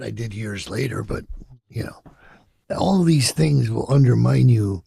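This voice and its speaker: A man's voice: medium pitch, dark tone, dry recording, clean studio sound. A man in his sixties from Chicago, telling personal stories in a candid, profane, reflective way during an interview and acting out the voices of people he quotes. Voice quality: gravelly and husky.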